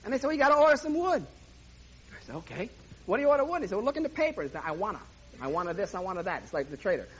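Male preacher, very high and bright tone, lively sermon storyteller, dull lo-fi recording. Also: very fast, slightly rough. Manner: lively storyteller, voices sound effects and laughs along. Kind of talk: sermon with a humorous personal story.

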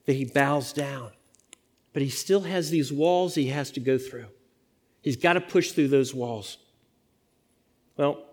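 An American pastor with a slightly high voice preaches a sermon, telling a story and performing the voices of its characters. The sound carries the ring of a large room.

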